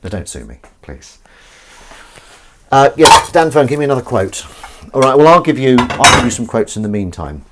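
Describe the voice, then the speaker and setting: A man's voice: medium pitch, sing-song, normal speed, noisy background. A man hosting a casual livestream from home, chatting with viewers in a rambling, self-mocking way. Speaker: livestream host. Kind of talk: casual chat with live chat viewers.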